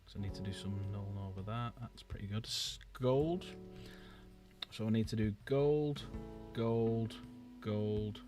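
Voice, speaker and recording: A man's voice: lowish voice, measured pace. Guy painting minis, mumbles to himself, sounds kinda far off with music going. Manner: mutters softly to himself while working. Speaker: miniature painter. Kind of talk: casual chat while painting. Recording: distant mic, loud music behind.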